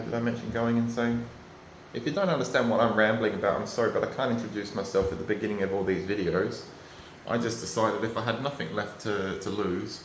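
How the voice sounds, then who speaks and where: Australian man, low-pitched, rambling and frustrated personal vlog, roomy echo with faint ambience behind. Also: a little hiss or hum. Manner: rambling, frustrated, emotional, swears. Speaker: vlogger. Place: at home, indoors.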